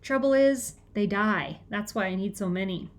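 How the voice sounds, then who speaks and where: A woman's voice: medium pitch, normal speed, close to an everyday voice. A woman voicing a bossy young boy who explains and gives orders. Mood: explaining. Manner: urgent, commanding.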